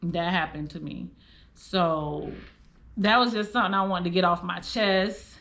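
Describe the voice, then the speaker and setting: Bright-voiced woman telling a raw story. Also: on the low side, unhurried, gravelly. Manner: candid and blunt, heavy cursing, heartfelt. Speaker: vlogger telling a personal story. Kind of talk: emotional storytime monologue.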